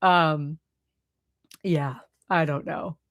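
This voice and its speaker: A woman's voice: low-pitched, fairly even intonation, extremely slow, fairly bright tone. A woman with a Boston accent chatting casually on a live stream, reading and answering chat with lots of fillers. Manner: chatty, many fillers, laughs often.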